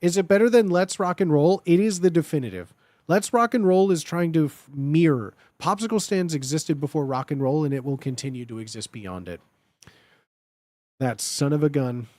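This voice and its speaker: A man's voice: fairly high pitch, expressive, fairly quick, darkish tone, no room sound. A young man hosting a comedic tier-list show, riffing mock-seriously on catchphrases and repeating them in put-on voices. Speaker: host ranking phrases.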